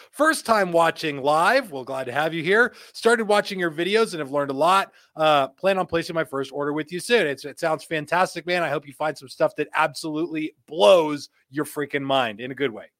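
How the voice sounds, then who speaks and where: An upbeat man hosts a live stream from his own studio, joking and laughing as he chats. His voice sits a little high, and the sound is very dry and close with no room echo. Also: lively intonation, normal speed, fairly bright tone. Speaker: host. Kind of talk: live-stream chat, reading viewer comments. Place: home studio.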